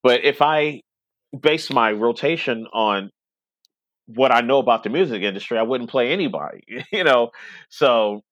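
A man's voice: medium pitch, expressive, moderate pace, fairly bright tone, dry recording, dull audio. A middle-aged man chatting casually in a podcast conversation, rambling and laughing often. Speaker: web radio station owner, podcast guest.

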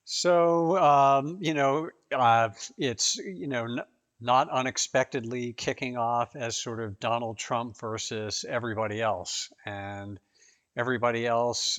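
A man answers as a guest on a podcast. He speaks in a measured way, pausing often on fillers as he thinks aloud. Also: mid-range voice, fairly bright tone. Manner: hesitant, measured, many fillers. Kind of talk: casual podcast discussion.

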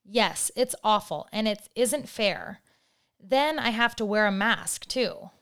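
A woman's voice: mid-range voice, expressive, slow pace, a bit bright, clear, resonant tone. A woman reading the lines of an upset child who misses friends, in a plain, lightly raised voice. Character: upset girl or boy missing friends.

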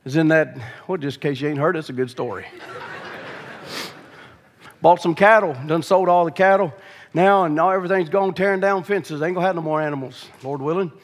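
A male preacher, telling a folksy story in his sermon that builds into shouted preaching. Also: a little high, fairly quick. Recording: long reverb of a large hall.

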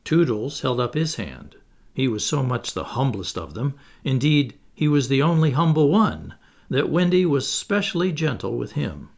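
A man narrating a classic children's novel as an audiobook, in an expressive storytelling manner. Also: medium pitch, moderate pace, gravelly.

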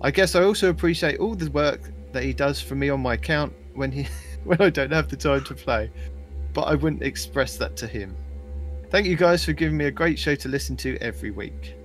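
A man reading out a male listener's email in a loud, exaggerated put-on Australian voice. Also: a little high, brisk, soft background music, natural voice. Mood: hammy. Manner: loud, over-the-top mock Australian delivery. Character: male listener reading his letter in a fake Australian accent.

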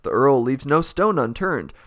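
A man's voice: mid-range voice, animated, unhurried, a bit bright. A man voicing a pompous, bossy old king while reading a storybook aloud, barking impatient commands. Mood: haughty.

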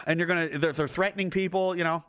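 A man's voice: high-pitched, steady tone, brisk, fairly bright tone, clear, resonant tone. A man reacting to news reports and photos in a sarcastic, angry, heavily profane rant. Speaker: commentator.

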